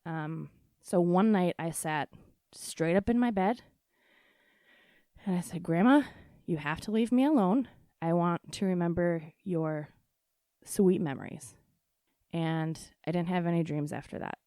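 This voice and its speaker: Animated woman telling a spooky story. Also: lowish voice, no echo, studio quality. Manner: animated, laughing, swearing, quick asides. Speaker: podcast host. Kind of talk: casual storytelling.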